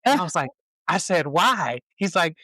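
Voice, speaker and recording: Podcast host guy, bright tense voice, dry close sound, laughs a lot telling stories. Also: sits high, moderate pace, no room sound, low-quality recording. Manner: animated storyteller, laughs often. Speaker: stage performer. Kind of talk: casual conversation.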